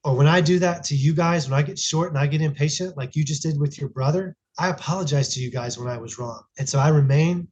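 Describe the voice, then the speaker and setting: A man's voice: a little high, fast, few pauses, darkish tone, lo-fi sound. A man in his thirties, a podcast guest, telling a family story in an earnest, reflective way with frequent restarts. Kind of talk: casual conversational storytelling.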